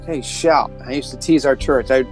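A middle-aged man, a pastor and worship leader, giving casual, upbeat advice in conversation and slowing down when he reads scripture. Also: medium pitch, fairly even intonation, soft background music.

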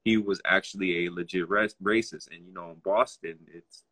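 A man's voice: low-pitched, steady tone, normal speed, bright, forceful tone. A young man telling personal stories in casual conversation, acting out other people's lines in a raised voice.

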